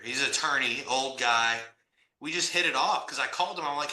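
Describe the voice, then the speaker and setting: A man's voice: medium pitch, fairly quick, pushed and bright. A man, hosting a casual chat, blunt and slangy, telling deal stories with animation. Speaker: podcast host, real estate investor. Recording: echoey room.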